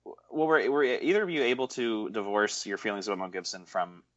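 A man's voice: lowish voice, animated, brisk, fairly bright tone, no room sound. A man co-hosting a casual film podcast, talking in a sarcastic, rambling way and often repeating himself. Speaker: podcast co-host. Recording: dull lo-fi dry sound.

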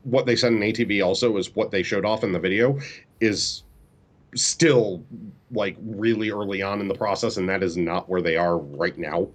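A man's voice: on the low side, normal speed. A man co-hosting a podcast, explaining technical details in an easygoing, casual way. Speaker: podcast co-host.

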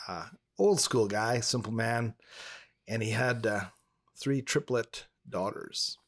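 Male podcast co-host, mid pitch, animated yarn-spinner who pops into loud high character voices. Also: slow pace. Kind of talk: casual chat, telling a long joke.

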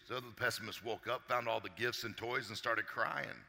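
A man giving an energetic motivational talk to a live audience as a success coach, joking and quizzing the crowd. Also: mid-range voice, normal speed, vocal fry, big-room sound. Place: large hall with a live audience.

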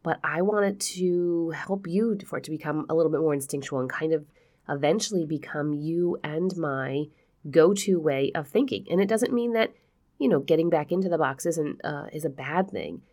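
Podcast host, woman, low voice, nasal and congested from a cold, chatty and frank. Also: normal speed, a little mellow. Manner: chatty, laughs often, frank. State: stuffy nose. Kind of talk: casual chat.

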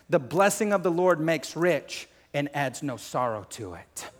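Man preaching, acting out bible scenes, big echoey hall. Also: fairly high pitch. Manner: animated, acts out scripture scenes. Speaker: pastor. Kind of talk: sermon. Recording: long hall reverb.

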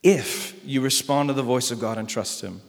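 A male pastor preaching a sermon, swinging between loud emphatic lines and soft hushed ones. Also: mid-range voice, normal speed, gravelly, in a large hall.

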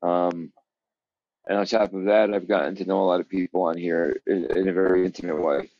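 Deep-voiced man, earnest and reassuring. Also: level tone, brisk, lo-fi sound. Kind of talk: casual chat.

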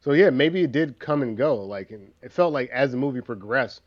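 A man co-hosting a casual film podcast, talking in halting, restarting sentences. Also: medium pitch, animated, muffled recording. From US East Coast. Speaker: podcast co-host. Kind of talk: casual movie-review chat.

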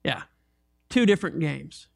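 A man preaching a sermon as pastor, animated and conversational, with jokes and asides to the congregation. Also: fairly high pitch, a little slow, gravelly.

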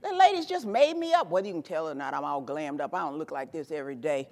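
A woman in her fifties from Tennessee giving an animated, emphatic motivational keynote speech from a conference stage, hammering home punchy repeated phrases. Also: deep voice, quick pace. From Tennessee, USA. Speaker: keynote speaker. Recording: echoey hall with long reverb.

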